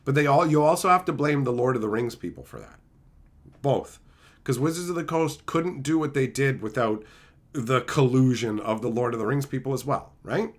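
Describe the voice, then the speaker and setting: A man's voice: mid-range voice, lively intonation, normal speed. A man live-streaming, chatting casually with viewers in joking, profane banter and reading their messages aloud. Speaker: streamer opening card packs.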